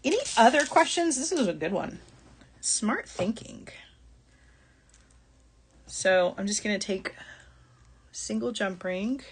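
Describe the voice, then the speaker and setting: A woman's voice: medium pitch, lively intonation, slow, long pauses, slight background noise. A middle-aged woman hosting a live jewelry-making shopping stream, chatty and apologetic, laughing often. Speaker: jewelry-making show host.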